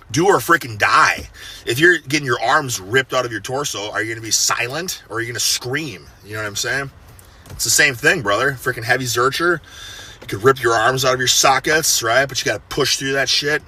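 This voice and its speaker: A man's voice: mid-range voice, pushed and bright, husky. A man of thirty giving a casual, profane motivational pep talk, intense and full of gym bravado. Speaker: fitness personality giving a personal message.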